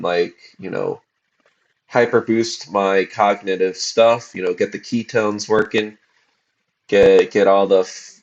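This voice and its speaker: A man in his forties, a podcast host, rambling casually on a livestream with lots of profanity and fillers, tired from fasting. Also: fairly low pitch, lo-fi sound. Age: 40s.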